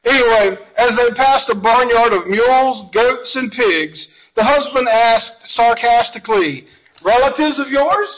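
A man's voice: extremely high pitch, a little slow, few pauses, dull audio. A middle-aged man preaching a sermon, telling folksy stories and jokes and talking to the congregation. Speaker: pastor. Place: church sanctuary.

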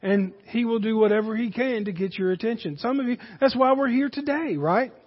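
A man's voice: very high voice, brisk, husky. A man preaching a sermon as pastor, earnest and speaking straight to his congregation. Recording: dull recording with long hall reverb.

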